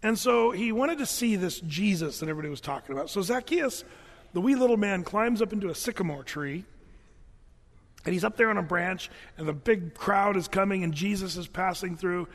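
A man with a high voice preaches a sermon, retelling Bible stories with animated, folksy asides. His voice rings out with a long hall reverb. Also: a little fast. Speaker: pastor.

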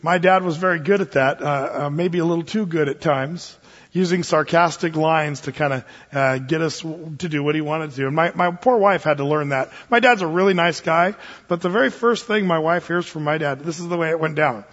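A male pastor preaching a sermon in a relaxed, storytelling way, with frequent fillers and restarts. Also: on the high side, a little fast. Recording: dull sound in a long-reverb hall.

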